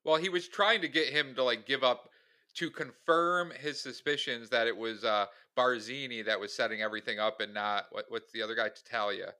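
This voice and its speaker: A man's voice: mid-range voice, fairly even intonation, moderate pace, sharp tone. A man co-hosting a casual movie review podcast, explaining his points thoughtfully. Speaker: podcast co-host.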